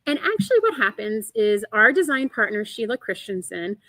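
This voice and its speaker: A woman's voice: medium pitch, big pitch swings, moderate pace, a bit bright, no room sound. A woman hosting a chatty, upbeat live stream, explaining a quilt program and answering viewer comments. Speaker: quilt shop host. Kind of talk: live-stream product talk.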